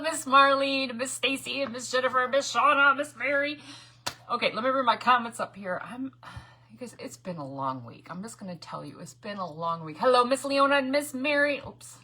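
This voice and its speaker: A woman hosting a casual crafting livestream from her home craft room, rambling and greeting viewers by name, with hushed asides. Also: on the high side, breathy edge. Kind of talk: casual live crafting chat.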